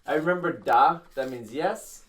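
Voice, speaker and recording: A man's voice: on the high side, moderate pace, crowd noise. A man from Canada, tipsy, telling a rambling, profane story on a podcast among friends. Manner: rambling, swearing, laughing mid-story. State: drunk. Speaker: podcast co-host.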